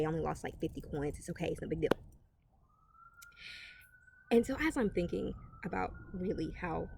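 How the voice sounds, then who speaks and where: A woman's voice: mid-range voice, creaky, darkish tone, a little hiss or hum. A woman giving a casual devotional pep talk, earnest and encouraging, speaking straight to her listener. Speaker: Christian encouragement vlogger.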